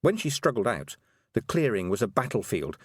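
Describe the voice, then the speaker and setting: Lively male audiobook narrator. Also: lowish voice, normal speed, no room sound, clean studio sound. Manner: expressive storytelling. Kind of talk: scripted narration.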